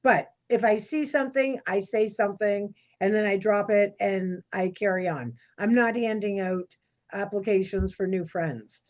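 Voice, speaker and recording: A woman, co-hosting a casual chat and telling stories in a chatty, animated way. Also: medium pitch, normal speed. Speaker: podcast co-host.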